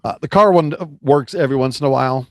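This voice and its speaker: This podcast co-host has a medium-pitched voice and talks fast, rambling through casual chat with many restarts. The studio sound is clean, with no echo.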